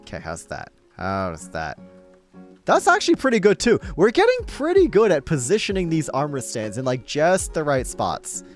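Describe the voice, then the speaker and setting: A man's voice: a little high, wildly swooping pitch, normal speed, soft background music. A man casually chatting with his viewers during a live game stream, upbeat and laughing often. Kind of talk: casual live-stream chat while playing.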